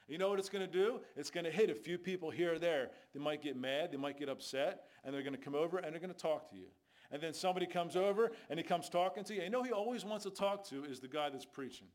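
Preaching in a fairly high voice, this man shares tales from his work in street ministry. He's emphatic yet conversational, punctuating each point with a rhetorical question.

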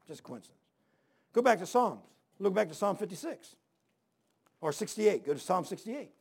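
A man's voice: sits high, very animated, normal speed, creaky, breathy edge. A middle-aged male pastor preaching a sermon, telling stories and firing rhetorical questions with emphasis.

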